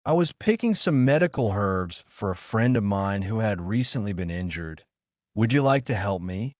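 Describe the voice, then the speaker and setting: A man voicing a soft-spoken, polite young female ninja in a fan fiction reading. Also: lowish voice, animated, normal speed, no echo, studio quality, close to an everyday voice. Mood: gentle.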